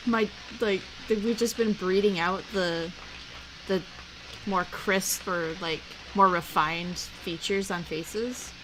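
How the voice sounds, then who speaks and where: A woman's voice: medium pitch, a little slow, slight background noise, rough recording. Chatty young woman hosting a watch-along. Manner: chatty, lots of "like", frequent laughs. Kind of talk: casual chat.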